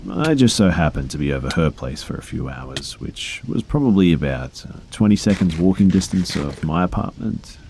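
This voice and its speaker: A man with an extremely deep, dark voice reads creepy true stories in a relaxed, conversational way. He drops in casual fillers and the odd swear word. His narration comes over a faint hiss of background noise. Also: normal speed, creaky, few pauses. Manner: low-key, conversational storytelling with fillers and profanity.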